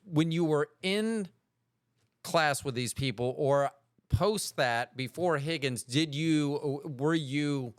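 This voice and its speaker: A male podcast host asks rambling questions that keep breaking off and restarting. His voice sits fairly high and sounds smooth and clear. The sound is dry and close. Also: slow, dry recording. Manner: rambling, self-interrupting questions. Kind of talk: casual interview chat.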